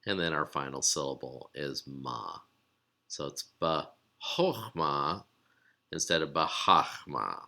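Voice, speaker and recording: A man teaching a recorded lesson, explaining patiently with frequent pauses and fillers. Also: rumbling low, creaky, sharp tone. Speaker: biblical Hebrew teacher.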